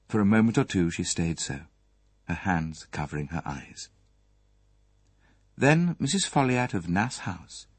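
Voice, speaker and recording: A man narrating an audiobook in a calm, even storytelling manner. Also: mid-range voice, no echo. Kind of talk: scripted narration.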